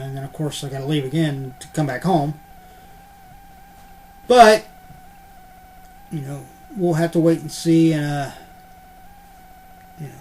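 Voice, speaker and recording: This unboxing vlogger has a fairly high, slightly mellow voice, captured on a computer webcam with faint hiss or hum. He chats rambling and casual as he opens collectibles, heavy on ums and now and then cursing.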